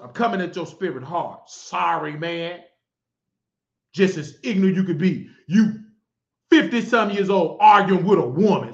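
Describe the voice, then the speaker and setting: A man hosting his own show, ranting in a preachy, scolding monologue with shouted outbursts. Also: high voice. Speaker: show host. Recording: dull lo-fi sound in an echoey room.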